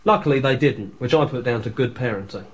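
A man plays a pompous, self-important horror writer in a scripted comedy monologue, grandiose yet deadpan. He talks fast at a medium pitch, with light acting.

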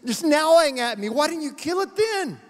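A man's voice: extremely high pitch, big pitch swings, normal speed, in a large hall, pitched above the performer's own voice. A man voicing a timid male ghost who stammers and pleads, in a sermon story. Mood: frantic. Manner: stammering, pleading, rising to frantic.

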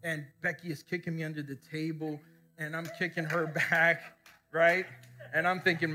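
A man's voice: on the high side, fairly even intonation, normal speed, pushed and bright. A man preaching a sermon as pastor before a congregation, telling stories and calling out questions for the people to answer. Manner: storytelling, call-and-response questions to the congregation. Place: church service before a congregation.

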